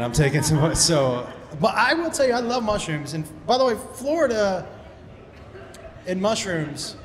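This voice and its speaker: A man from Massachusetts doing stand-up crowd work, rambling through loose, profane stories on a comedy club stage into a handheld mic. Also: sits high. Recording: live club recording with long reverb and crowd ambience.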